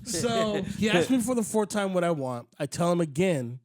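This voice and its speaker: A man hosting a podcast, telling a story in casual chat, animated and acting out other people's lines, with frequent swearing. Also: high voice, normal speed, dry recording. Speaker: podcast host.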